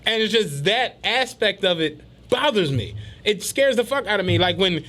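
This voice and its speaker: A man hosting a podcast, telling stories in casual chat in an animated, profane way. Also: sits high, normal speed. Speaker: podcast host.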